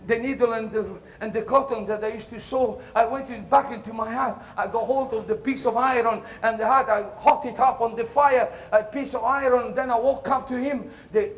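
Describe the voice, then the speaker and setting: Male stage performer, comic monologue, high voice, lively acting. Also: moderate pace, hardly any pauses. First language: Italian. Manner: animated storytelling, jumps into shouted voices and laughter.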